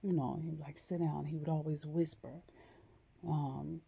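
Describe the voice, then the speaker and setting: A woman telling a personal story in a slow, hesitant way, with frequent pauses and ums. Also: low voice, steady tone, gravelly, warm tone, husky. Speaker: vlogger.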